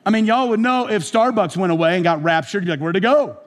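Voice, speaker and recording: A middle-aged male pastor preaching a sermon in a conversational, storytelling way, his pitch rising when he gets emphatic. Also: quick pace. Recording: long reverb of a large church hall.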